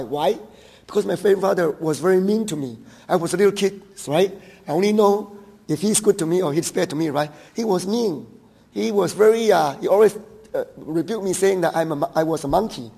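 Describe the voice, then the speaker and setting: Gravelly Taiwanese-accented pastor preaching. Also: male voice, sits high, moderate pace, mellow. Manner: storytelling, rising to emphatic rhetorical questions. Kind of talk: sermon. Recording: long hall reverb.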